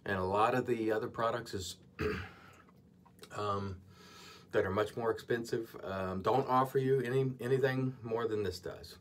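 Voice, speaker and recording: A man's voice: on the low side, fairly even intonation, unhurried, a little hiss or hum. A man hosting his own channel, reviewing a shaving soap in a chatty, digressive way while he shaves on camera. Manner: chatty, digressive, earnest asides.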